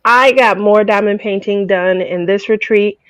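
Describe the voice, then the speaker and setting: A woman's voice: medium pitch, a little slow, a bit bright, clean tone, no echo, low-quality recording. A woman hosting a craft channel, telling stories in casual chat, emotional and tearful.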